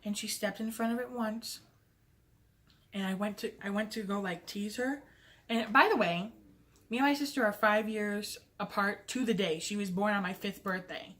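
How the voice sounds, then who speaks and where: Young adult woman, vlogger, casual storytime, chatty, playful, self-mocking, mid pitch. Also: normal speed, fairly bright tone. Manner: chatty, fills talk with "like".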